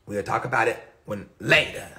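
A man's voice: on the low side, normal speed, sharp tone. A young man hosting a live stream, talking in a casual, rambling way that often trails off into mutters and questions himself. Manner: reflective, self-questioning. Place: indoors, streaming from a phone. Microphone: phone mic.

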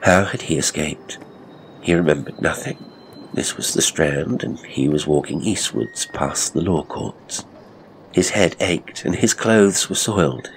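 A man narrating a strange horror story in a measured, deliberate way. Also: very deep voice, slight background noise.

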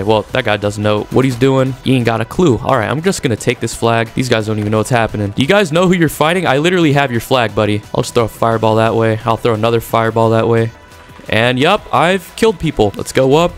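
Excitable young man commentating gameplay. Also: medium pitch. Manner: excitable, trash-talking, casual slang. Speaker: gaming YouTuber.

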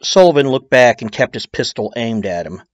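A man's voice: mid-range voice, animated, moderate pace, muffled recording, background noise. A man narrating a true-crime documentary in a casual storytelling way, dropping in blunt, swearing asides.

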